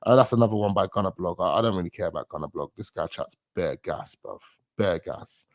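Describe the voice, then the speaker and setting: A man's voice: low-pitched, lively intonation, brisk, no room sound, clean studio sound. A man hosting a football channel, talking in a rambling, slangy way with chuckling asides. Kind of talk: casual live-stream chat.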